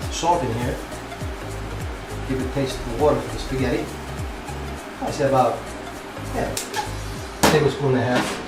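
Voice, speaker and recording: A man from Naples with an Italian accent, casually demonstrating a home cooking recipe and chatting as he works. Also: mid-range voice. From Naples, Italy. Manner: chatty, loose, cheerful asides. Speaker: home cooking show host. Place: home kitchen. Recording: roomy kitchen, mic far off, loud music.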